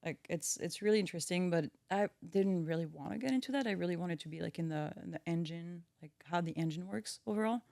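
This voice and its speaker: A woman's voice: fairly low pitch, quick pace, vocal fry, hardly any pauses, dark tone, dry recording, studio quality. A woman from France in her thirties with a French accent, chatting casually as a podcast guest and filling her talk with "like.". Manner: chatty, many fillers like "like". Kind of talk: casual chat.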